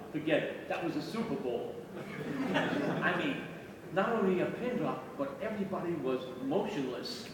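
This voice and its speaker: An older man, a guest actor at a fan convention, telling an anecdote in an animated way and often repeating his words. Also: on the high side, normal speed, background noise. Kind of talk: storytelling Q&A anecdote. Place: convention hall. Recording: echoey hall from far off.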